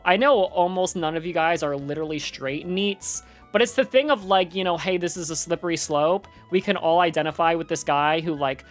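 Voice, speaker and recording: Slangy young woman streamer, lowish voice. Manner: slangy, loose and rambling, full of "like" and "dude". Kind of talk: casual live-stream chat.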